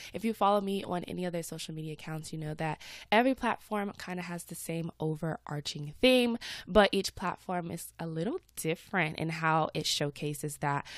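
A young woman hosts her podcast in a chatty, upbeat way, with a light Atlanta Southern accent. Her voice sits a little low for a woman and sounds slightly stuffed up from a cold. The recording is dry and close to the mic. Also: no echo. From Atlanta, Georgia, USA. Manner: chatty and upbeat, with a lively, swooping delivery. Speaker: podcast host. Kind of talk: casual chat.

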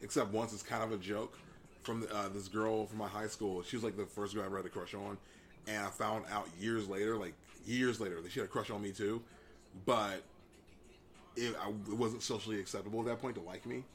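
Young male podcast host, lowish voice, easygoing and halting, casual banter. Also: fairly even intonation.

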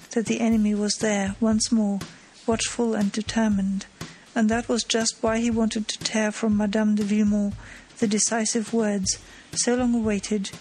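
A woman's voice: mid-range voice, darkish tone, slight background noise, poor audio. Woman reading a classic novel aloud. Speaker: narrator. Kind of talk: audiobook narration.

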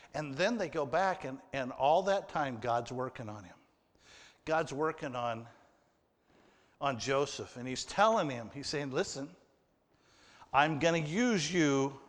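Slow-speaking preacher in a reverberant hall. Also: male voice, a little high, a bit bright. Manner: earnest, addressing the congregation directly. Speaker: pastor. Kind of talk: sermon reading and explaining scripture.

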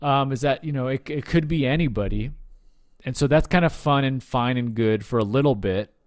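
A man co-hosting a podcast, thinking aloud about films in a halting, casual way with many restarts. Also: mid-range voice, dry recording, clean studio sound. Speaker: podcast co-host. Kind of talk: casual film discussion.

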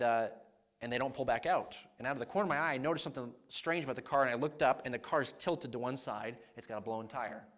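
A man preaching as a traveling evangelist, telling a personal story and acting out the dialogue with lively energy. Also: medium pitch. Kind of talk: storytelling sermon.

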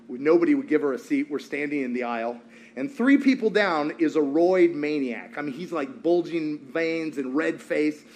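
A man preaching a sermon to a congregation, telling stories with animated, acted-out quotes. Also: medium pitch, slight background noise. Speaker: pastor.

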